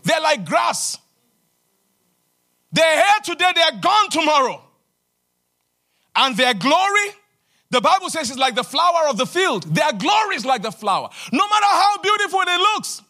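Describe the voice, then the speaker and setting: A man preaching a sermon as pastor, repeating his points emphatically with frequent hallelujahs and a sing-song cadence that sometimes drops to a hushed rebuke. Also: very high voice, sing-song, measured pace, pauses often.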